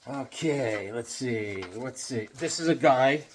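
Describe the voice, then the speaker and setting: A man's voice: mid-range voice, slow, slight background noise. A man chatting casually about comics, rambling and joking, drifting between topics. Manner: rambling, jokey, drifts between topics and puts on silly voices. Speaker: comic vlogger.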